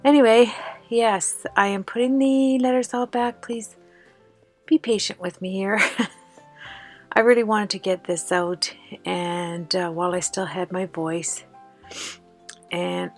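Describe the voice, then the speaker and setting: A woman hosting a card-making tutorial as a chatty voice-over, out of breath from the flu. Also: lowish voice. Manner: chatty and enthusiastic, many fillers. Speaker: card-making video host.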